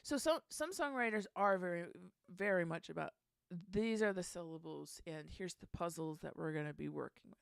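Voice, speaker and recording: Woman songwriter chatting thru lyrics, bit of vocal fry, dry close sound, mutters lines to herself. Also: on the low side, moderate pace, dry recording. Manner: thinking aloud, trying lyric lines in soft whispers. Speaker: songwriter hosting a songwriting stream. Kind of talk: casual songwriting chat.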